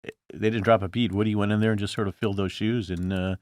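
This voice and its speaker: A man in his sixties hosting a podcast interview, telling lively stories and acting out the voices of the people he quotes. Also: on the low side, fast talker, no room sound. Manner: animated storyteller, acts out quoted voices. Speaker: podcast host. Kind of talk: conversational interview.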